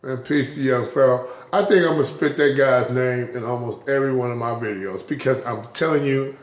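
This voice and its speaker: In this casual vlog, a man's reverberant, medium-pitched voice moves fairly quickly. He's openly emotional, laughing and getting teary, and he rambles with stuttered restarts that repeat words.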